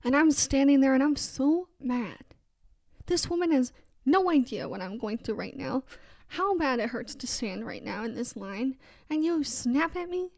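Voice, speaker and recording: A woman's voice: sits high, lively intonation, unhurried, darkish tone, no echo. A young adult woman hosting a casual faith podcast, telling a story in a chatty way and quoting other voices. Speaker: podcast host.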